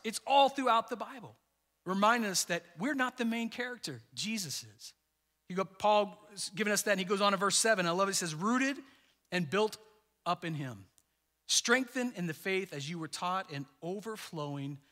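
A high-pitched, bright-voiced man gives a sermon from the pulpit in a lively, chatty way, stumbling and restarting as he goes. His voice rings out with a long reverb, as in a church sanctuary. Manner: animated, conversational preaching with many fillers and restarts. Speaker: pastor.

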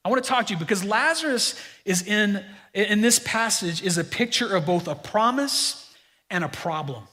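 A middle-aged man preaching a sermon to his congregation, animated and joking with them in asides. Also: high voice, moderate pace. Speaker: pastor. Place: church sanctuary. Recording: long reverb of a large hall.

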